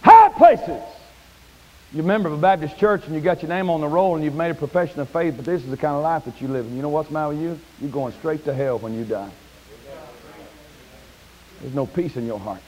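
A preacher man delivering a folksy sermon from the pulpit, his fairly high voice swinging up into loud, shouted peaks. There is a faint hiss under the recording. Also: fast talker, low-quality recording. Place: church sanctuary.

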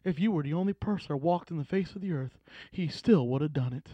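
High-pitched preacher, fervent sermon, hushed asides and shouted peaks. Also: male voice, fast, no echo, highs cut off. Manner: storytelling, swings from hushed to shouting.

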